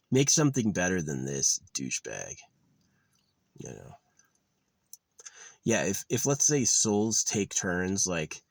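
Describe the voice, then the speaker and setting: Man, very low voice, swinging wildly up and down, bitter swearing rant, outdoors. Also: dry recording. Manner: profane, sarcastic, contemptuous. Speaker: vlogger. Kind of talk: angry ranting monologue.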